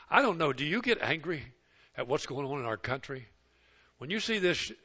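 An older man delivers a church sermon in a fairly high, forceful voice. He tells homespun stories and acts out what other people say, then drops to slow, hushed passages. The recording is muffled and lo-fi. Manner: swings between loud, emphatic exhortation and hushed, slow passages; folksy storytelling that acts out others' words. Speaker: preacher. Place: church service.

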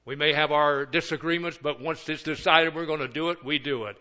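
A man's voice: a little high, fairly even intonation, fairly quick, sharp tone, lo-fi sound. An older man, a pastor of many years, preaching a sermon with folksy, joking asides.

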